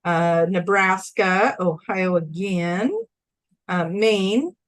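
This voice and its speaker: A woman's voice: lowish voice, drawn-out words. Upbeat chatty woman co-hosting a livestream. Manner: upbeat, chatty, reading viewer comments aloud. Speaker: co-host. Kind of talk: casual livestream chat.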